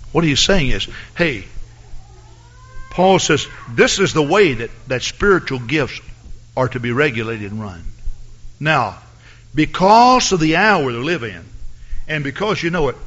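A man preaching a sermon, reading scripture in a measured way and rising to loud, shouted exhortation. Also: fairly high pitch, expressive, highs cut off.

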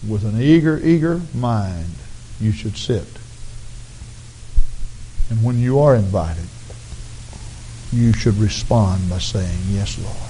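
A man preaching an altar call, his raspy voice earnestly pleading with the congregation to come forward. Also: on the low side, animated, slow pace, pauses often, dark tone, a little hiss or hum, poor audio. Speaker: pastor. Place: church sanctuary.

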